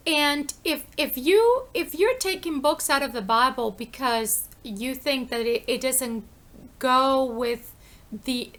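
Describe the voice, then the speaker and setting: A woman's voice: high-pitched, bright, forceful tone. A woman preaching an informal sermon, emphatic and conversational, asking questions and answering them herself and repeating phrases for effect.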